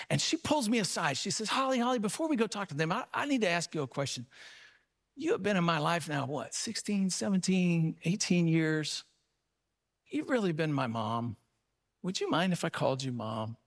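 A man with a high-pitched voice addresses an audience at an event. He tells a long story in an earnest, encouraging way and slows down on his key points. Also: fairly bright tone. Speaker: speaker. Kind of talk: conference talk.

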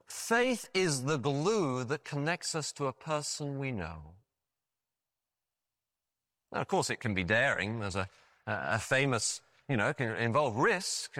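A man preaching a sermon, telling stories in an animated way with frequent restarts and asides. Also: mid-range voice, no room sound, studio quality. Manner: animated storytelling with frequent restarts and "you know".

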